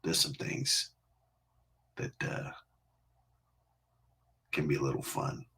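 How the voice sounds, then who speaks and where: A man's voice: extremely low pitch, little pitch movement, slow, pushed and bright, slight background noise. A man from Connecticut hosting a music livestream, chatting casually in a playful, teasing, rambling way with frequent laughs. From Connecticut, USA. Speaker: livestream music show host.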